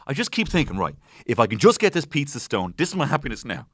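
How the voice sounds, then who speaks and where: A man's voice: mid-range voice, big pitch swings, quick pace, dry recording. A man hosting a comedy podcast from a studio. He recaps an episode in a rambling, jokey way and swears freely. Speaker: podcast host.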